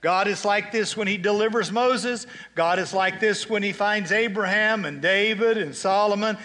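A male pastor with a high, bright voice delivers a sermon. He slows right down to read scripture and leads the congregation in repeating lines. Between passages he drops into casual, joking asides. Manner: preaching with call-and-response, reading scripture slowly; conversational asides and humor.

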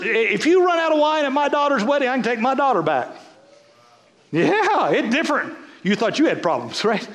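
A bishop in his fifties preaches a sermon, playful and animated, his high-pitched voice swinging between loud bursts and hushed asides. The recording carries the long reverb of a large hall.

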